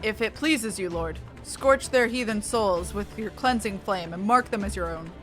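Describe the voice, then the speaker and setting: A woman's voice: mid-range voice, normal speed, a bit bright, soft background music, close to an everyday voice. A woman reading aloud the lines of a fanatical male lizardman priest making a zealous ritual invocation.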